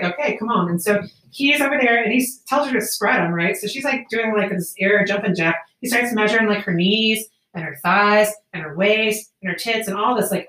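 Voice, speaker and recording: A woman hosting a casual podcast, telling a story in a profane, animated way with quick laughs. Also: medium pitch. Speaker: podcast host. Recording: roomy, distant amateur podcast mic.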